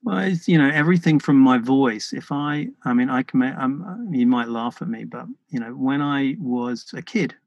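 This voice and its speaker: British man with a gravelly, dry voice. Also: mid-range voice, a little mellow, no room sound, muffled recording. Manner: earnest, thoughtful, halting with many restarts. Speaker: podcast guest. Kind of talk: reflective interview conversation.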